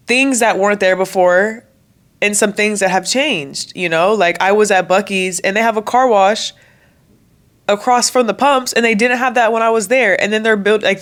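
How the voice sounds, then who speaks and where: A woman's voice: medium pitch, fairly bright tone. Emotional young woman vlogging. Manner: emotional, candid, chatty with many likes. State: voice cracking, near tears. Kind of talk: casual talk to camera.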